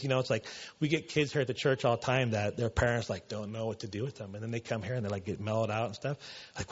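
A man's voice: on the low side, highs cut off. A man preaching a casual sermon in a church, loose and conversational, full of "you know" and "man". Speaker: pastor.

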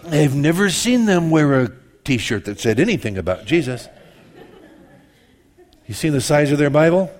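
A man in his fifties preaching a sermon in a church, conversational and self-mocking, swinging from loud exclamations to hushed confessions. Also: fairly high pitch, sing-song, normal speed, long pauses. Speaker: pastor.

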